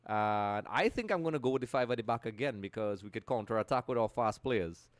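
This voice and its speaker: A man's voice: mid-range voice, lively intonation, a little fast, no echo. A male gaming streamer chatting live, greeting viewers and reading out the chat.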